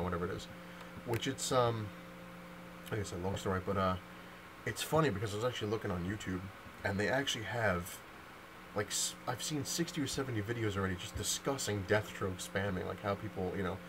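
A man's voice: lowish voice, a little hiss or hum, low-quality recording. A young man in a casual vlog, telling a long story with lots of fillers and restarts. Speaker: vlogger. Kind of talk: casual rant to camera.

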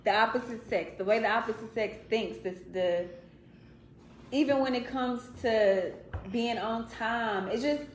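A woman's voice: fairly high pitch, a little slow, roomy sound, slight background noise, low-quality recording. A woman on a casual chat panel, hesitant and searching for her words as she explains. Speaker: guest panelist.

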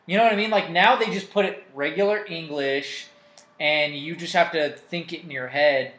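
High-voiced man rambling in a roomy space. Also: normal speed, a bit bright. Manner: rambling, trails off mid-sentence. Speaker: co-host of comic book show. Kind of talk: casual chat. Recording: roomy echoey room.

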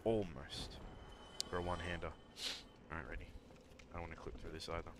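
Deep-voiced man muttering over gameplay. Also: completely flat delivery, very fast, very noisy. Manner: muttering, self-scolding and talking to chat. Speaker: streamer. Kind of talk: live gameplay commentary.

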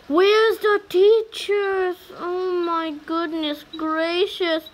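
A woman's voice: sits high, fairly bright tone. A woman gamer giving chatty, exclaiming, slangy commentary as she plays. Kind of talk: casual let's-play commentary.

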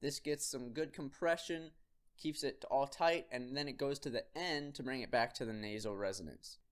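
A man teaching singers a quick vocal warm-up routine, giving upbeat, direct instructions to the viewer. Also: mid-range voice, smooth. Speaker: singing teacher.

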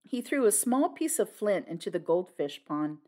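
A woman narrating an audiobook in an expressive, scripted reading. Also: mid-range voice, moderate pace.

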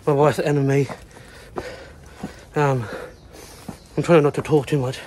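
Out on long shrine stairways, a man in his twenties vlogs casually on a handheld phone, panting, sweating, rambling and swearing a lot. The mid-range voice barely moves in pitch, runs a little slow and sounds a little mellow, with a little hiss or hum present.

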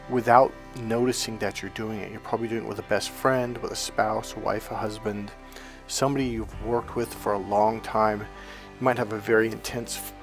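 A man's voice: fairly low pitch, gravelly. A man teaching as a spiritual coach, talking casually, telling rambling stories and often checking in with "okay?". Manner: rambling anecdotal storytelling.

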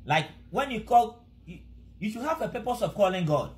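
Casting: Ghanaian male preacher, high voice, earnest and pleading sermon delivery. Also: big pitch swings, normal speed. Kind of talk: sermon mixing Twi and English.

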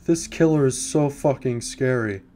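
A man's voice: mid-range voice, unhurried, dark tone, a little hiss or hum. A man giving casual commentary while playing a horror game. He talks jittery and nervous, slipping from mumbled worry into sudden swearing and sometimes dropping to a whisper. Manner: drops to a whisper at times. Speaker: gaming YouTuber.

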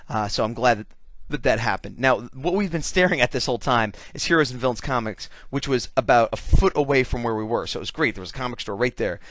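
A man's voice: medium pitch, quick pace, fairly bright tone, dry recording. A man giving a rambling, self-deprecating voice-over in casual conversation, hiccuping now and then. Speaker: artist and convention vendor.

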